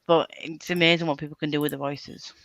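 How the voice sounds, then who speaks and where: A woman's voice: low-pitched, little pitch movement, fast talker, vocal fry, no room sound. A woman hosting a reading stream, chatting casually and laughing often. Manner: chatty, laughs often, playfully mimics accents. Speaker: reading sprint stream host. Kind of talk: casual chat.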